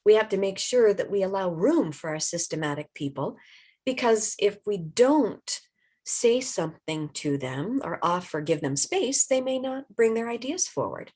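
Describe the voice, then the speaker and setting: A woman's voice: medium pitch, expressive, normal speed, a little mellow. A woman presenting a webinar, explaining communication tips in a conversational way with workplace examples.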